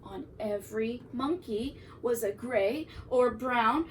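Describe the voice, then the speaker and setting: A woman teacher reading a picture book aloud to young children in an expressive, animated way. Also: a little high, slow pace, far from the mic, a little hiss or hum, low-quality recording. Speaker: preschool teacher.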